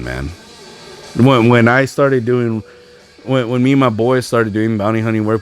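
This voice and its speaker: A young man hosting a podcast, ranting alone with frustration and mocking other people's words. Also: on the low side. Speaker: podcast host. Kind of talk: solo ranting podcast monologue.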